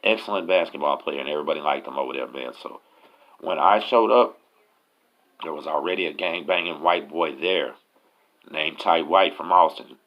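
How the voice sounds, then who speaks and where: Here the Galveston, Texas host spins another prison story, laced with profanity and street slang. He speaks at a moderate pace in a very deep voice, and the lo-fi recording comes across dull.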